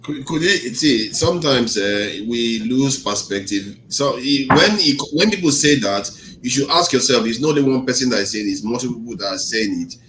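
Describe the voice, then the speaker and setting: A man moderating a discussion, speaking calmly and softly. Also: mid-range voice, normal speed, few pauses, a little hiss or hum. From Nigeria.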